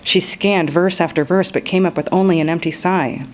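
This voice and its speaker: A woman reading an excerpt of her own novel aloud in a measured storytelling manner. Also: fairly low pitch, steady tone, rough recording. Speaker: author reading her work.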